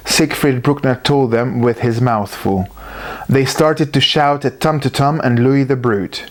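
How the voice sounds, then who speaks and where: A storyteller reading a children's story aloud in an animated, unhurried way. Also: mid-range voice.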